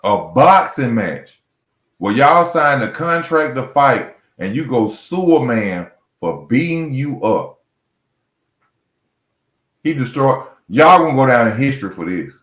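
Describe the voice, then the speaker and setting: A man's voice: medium pitch, big pitch swings, a little slow, fairly bright tone, reverberant. A man hosting a heated solo boxing rant, blunt and mocking, repeating his points and calling fighters out directly. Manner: blunt, mocking, repetitive, speaks straight to fighters. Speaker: boxing commentary host.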